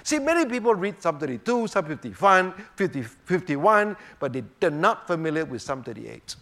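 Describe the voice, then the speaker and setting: A man teaching a sermon on the Psalms, swinging between emphatic rhetorical questions and hushed, quiet moments. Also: a little high, big pitch swings, moderate pace. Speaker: preacher.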